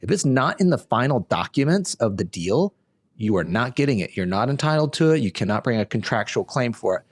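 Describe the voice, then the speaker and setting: A man's voice: medium pitch, very animated, fairly quick. A man who is a lawyer and podcast co-host, explaining things plainly in casual talk and laughing often.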